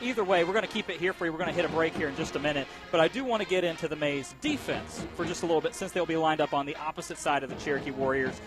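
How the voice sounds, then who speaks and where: Male color commentator, quick and chatty, slightly high voice, music underneath. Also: low-quality recording. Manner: joking, talkative, quick. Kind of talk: high school football commentary.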